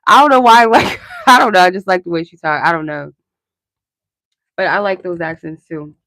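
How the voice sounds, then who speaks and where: A woman's voice: on the low side, normal speed, vocal fry, a bit bright, dry recording, studio quality. A young woman hosting a live-stream tarot reading, chatty and rambling, answering her chat and laughing often.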